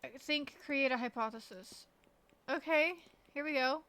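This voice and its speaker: A woman streamer giving casual gameplay commentary on a close desk mic, blunt, profane and excitable. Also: sits high, measured pace.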